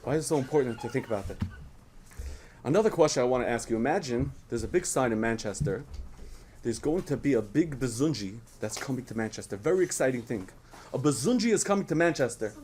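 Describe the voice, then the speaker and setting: A man's voice: medium pitch, fast talker, slight background noise. A man giving a storytelling lesson to children, asking them questions along the way. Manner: asks the audience questions, animated storytelling. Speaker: speaker at a children's program.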